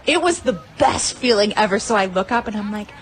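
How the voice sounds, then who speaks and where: Gushing, animated woman telling a story. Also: mid-range voice, fairly quick. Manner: excitable, gushing, swears freely; uses many fillers like "like" and "you know". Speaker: pinball player telling a tournament story. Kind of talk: casual storytelling monologue.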